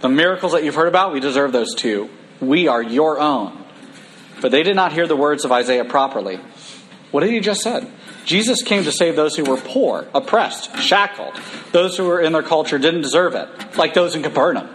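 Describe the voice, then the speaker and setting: A man preaching a sermon in a church, reading scripture and breaking into casual, animated asides. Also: fairly high pitch, moderate pace, a little hiss or hum, rough recording.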